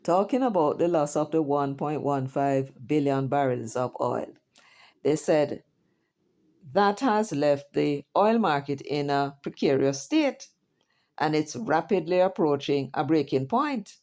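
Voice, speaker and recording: A woman's voice: low voice, animated, measured pace, a little mellow. A woman with a Jamaican accent who hosts a news commentary show, reading headlines aloud and breaking off into chatty asides and rhetorical questions.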